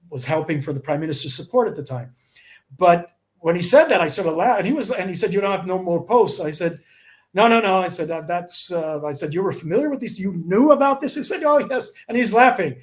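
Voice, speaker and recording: A middle-aged man from the USA, telling anecdotes as an interview guest and acting out the dialogue. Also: sits high. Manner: animated, acts out dialogue in his anecdotes. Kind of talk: storytelling in conversation.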